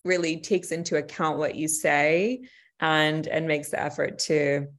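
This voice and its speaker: A woman's voice: low-pitched, unhurried. A woman guest on a podcast, talking earnestly in long rambling stretches with restarts and laughs. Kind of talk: casual chat.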